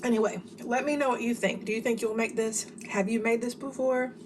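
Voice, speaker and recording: A woman, chatting warmly and enthusiastically to viewers in a home cooking vlog while tasting food. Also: on the high side, fairly even intonation, fairly quick, background noise. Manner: chatty, enthusiastic, says y'all. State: talking while eating.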